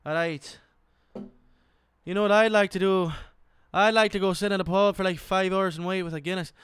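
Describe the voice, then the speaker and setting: Smooth-voiced young man chatting on stream. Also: high voice, normal speed. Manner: relaxed, chatty, thanks viewers often. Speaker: singer hosting a live stream. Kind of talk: casual chat with viewers.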